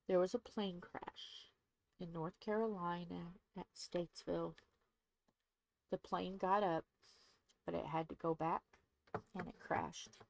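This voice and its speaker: A middle-aged woman from Indiana, chatting casually to her viewers while doing a craft, rambling and growing soft when sad. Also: on the low side, poor audio. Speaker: crafting channel host. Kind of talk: casual chat to viewers while diamond painting.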